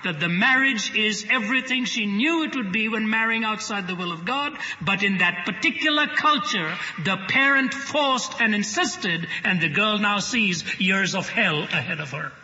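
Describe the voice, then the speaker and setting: A man preaching a sermon to a live audience, telling stories with animated humor, recorded live in a church hall. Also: high voice, normal speed, hardly any pauses, muffled recording.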